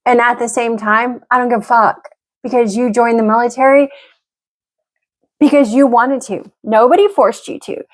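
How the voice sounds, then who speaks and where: A woman's voice: on the high side, fairly even intonation, moderate pace. A middle-aged woman venting frankly and emotionally to camera as she gets ready, swearing freely. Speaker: vlogger. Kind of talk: candid talk to camera while getting ready.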